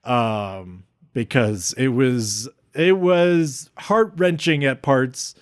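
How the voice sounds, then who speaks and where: A man's voice: mid-range voice, extremely slow, clear, resonant tone, no echo. Guy rambling about a wrestling show, keeps restarting, medium voice, pretty dry room. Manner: rambling, many restarts, openly emotional. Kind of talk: casual spoken review.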